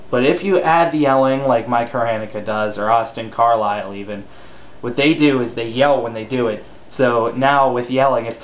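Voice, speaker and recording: A man's voice: mid-range voice, slight background noise. A man giving a casual spoken tutorial on screaming, loose and rambling, self-deprecating and crude.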